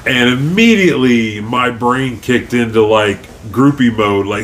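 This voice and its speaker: A man co-hosting a podcast in relaxed, jokey casual chat, telling stories. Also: a little fast, few pauses. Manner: laid-back, jokey, acts out quotes in high voices. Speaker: podcast co-host. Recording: faint background noise.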